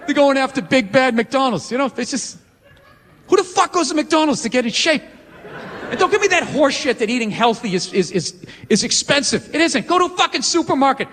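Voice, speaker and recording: A man's voice: very high voice, animated, a little fast, fairly bright tone. A man in his forties doing a profane, exasperated stand-up rant on a comedy stage with a handheld mic. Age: 40s. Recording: live hall reverb, faint noise.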